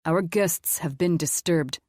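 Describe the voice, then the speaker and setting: A woman's voice: on the low side, slow, darkish tone, no room sound, studio quality. A woman doing a stiffly polite waiter. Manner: formal, stiffly courteous.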